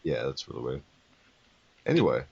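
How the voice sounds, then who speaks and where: A man's voice: a bass voice, sing-song, moderate pace, creaky, highs cut off, a crowd in the background. A man co-hosting a casual gaming podcast, laid-back, swearing freely and goofing around. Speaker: podcast co-host.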